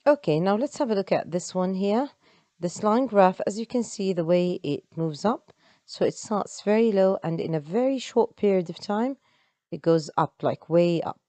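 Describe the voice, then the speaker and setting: A woman's voice: mid-range voice, animated, moderate pace, warm tone, no room sound. A woman, an English teacher explaining step by step in an online lesson. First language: Arabic.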